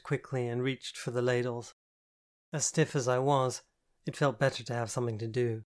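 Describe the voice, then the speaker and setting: A man narrating a novel in the first person, with a measured, even storytelling delivery. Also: mid-range voice. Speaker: audiobook narrator.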